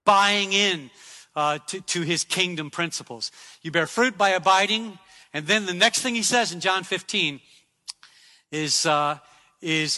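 High, bright-voiced man preaching a sermon. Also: measured pace, long reverb tail. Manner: emphatic preaching with repeated phrases.

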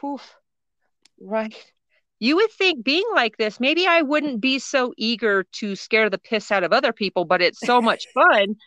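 A middle-aged woman co-hosting a podcast, telling a story in a lively, casual way and laughing often. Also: a little high, unhurried, no echo. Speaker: podcast co-host.

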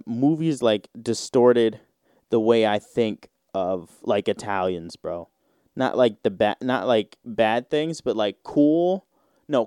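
A man's voice: mid-range voice, mellow, smooth, no echo, clean studio sound. A man hosting a solo podcast, rambling in casual slang with lots of fillers. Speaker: podcast host.

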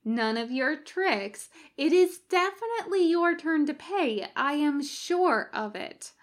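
A woman's voice: high voice, lively intonation, slow, voice pushed up. A woman doing a prim, admonishing man. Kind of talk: fan audiobook reading.

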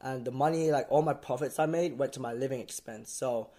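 A man's voice: medium pitch, fairly quick, dark tone. A man with a fading British accent, a guest chatting casually about building his brand. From United Kingdom. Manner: easygoing, laughs often. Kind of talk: casual podcast chat.

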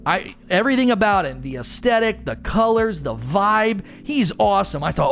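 A man's voice: fairly high pitch, big pitch swings, normal speed, gravelly, few pauses, fairly bright tone. A man ranting in a casual, rambling way as a gaming streamer, frustrated and fond of sports analogies. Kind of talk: casual gaming commentary rant.

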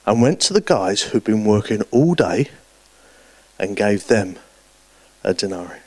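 A man preaching a sermon, telling stories with lively swings between loud and hushed delivery. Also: fairly low pitch, a little slow, dry recording.

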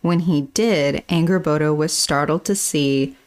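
Brief: low-pitched woman, book club co-host, casual read-aloud. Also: measured pace. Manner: chatty, stumbles and laughs while reading. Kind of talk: reading aloud with casual asides.

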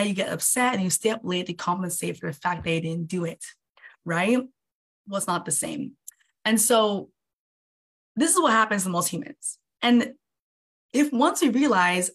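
A young woman, an online coach, giving a casual motivational talk on a livestream and acting out inner voices with big jumps in pitch. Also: normal speed, a bit bright, slightly rough.

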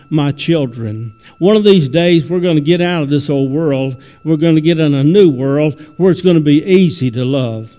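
A man's voice: fairly high pitch, darkish tone. A man preaching a sermon as a visiting preacher, in a folksy way that often repeats words and starts over. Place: church sanctuary. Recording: long reverb in a church hall.

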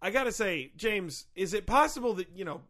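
A man's voice: high-pitched, lively intonation, fairly quick, pushed and bright. A man interviewing a guest in an improvised comedy sketch, hesitant and bemused, with many fillers and restarts.

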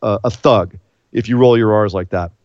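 Rambling animated American man, muffled. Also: fairly low pitch, normal speed, no room sound. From United States. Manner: animated, rambling, lots of fillers. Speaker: wrestling podcast co-host. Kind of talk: casual chat.

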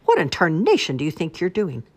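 A woman voicing a tough, gruff old farm grandmother in a storybook, booming and slow. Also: sing-song, exaggerated voice.

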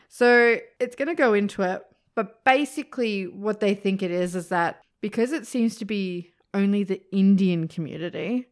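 A woman's voice: medium pitch, moderate pace, few pauses. A woman co-hosting a podcast, chatting casually, reading out quotes and swearing freely. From Australia. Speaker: podcast co-host. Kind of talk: casual chat.

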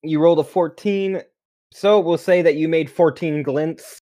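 A man running a tabletop game as game master, relaxed and steering players back on track. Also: a little high, a little slow, no echo, studio quality.

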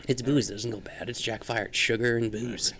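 A man's voice: mid-range voice, steady tone, a little fast, fairly bright tone, slight background noise. A man co-hosting a casual livestream podcast, goofy and teasing his listeners. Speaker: podcast co-host.

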